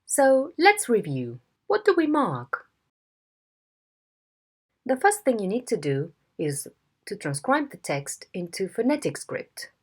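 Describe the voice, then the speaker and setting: A woman teaching a phonetics lesson in a slow, deliberate way, demonstrating tones. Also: a little high, wildly swooping pitch, breathy edge. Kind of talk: video lesson instruction.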